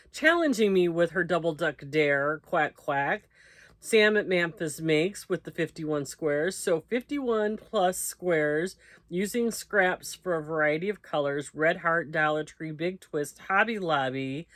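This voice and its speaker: The crochet host speaks in a lowish, somewhat bright voice with no room sound at all. An American, she chats casually through an unboxing of her mail, reading the notes aloud and thanking those who sent them.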